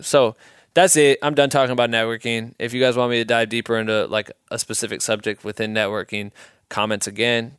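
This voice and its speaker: Smooth-voiced profane young podcast host. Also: male voice, medium pitch, no echo, studio quality. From Iowa, USA. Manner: profane, rambling, loose and animated. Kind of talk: casual storytelling monologue.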